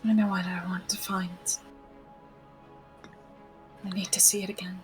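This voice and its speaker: Whispered role-play: woman doing a haunted young woman, hushed and hesitant. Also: medium pitch, steady tone, a little slow, soft background music, voice pushed up, lightly acted.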